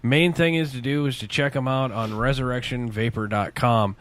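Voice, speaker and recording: A man's voice: mid-range voice, fairly even intonation, moderate pace. A man hosting a podcast from his basement studio, chatting casually and telling rambling stories with plenty of swearing. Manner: profane, rambling storyteller. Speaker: podcast host. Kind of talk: casual chat.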